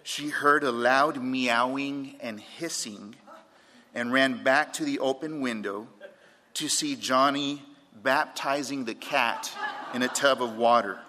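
A man's voice: mid-range voice, slow, sharp tone. A man preaching a sermon as pastor, repeating his key points and telling light anecdotes, in a church sanctuary. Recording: long reverb of a large room.

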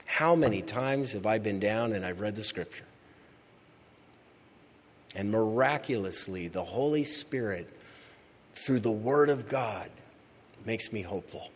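A man preaching a sermon as pastor. He is emphatic, repeats key phrases and builds to loud peaks. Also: fairly low pitch, lively intonation, a little slow, pauses often, a little hiss or hum. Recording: long reverb of a large hall.

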